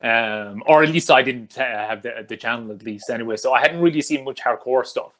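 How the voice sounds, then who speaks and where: Man asking halting questions. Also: mid-range voice, fairly bright tone. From Ireland. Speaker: podcast host. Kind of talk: casual interview.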